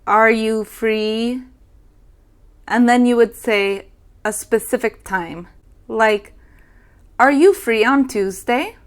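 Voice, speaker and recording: Young woman English teacher, higher voice, unhurried and careful, models each phrase. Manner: slow, careful demonstration of phrases. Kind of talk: language lesson.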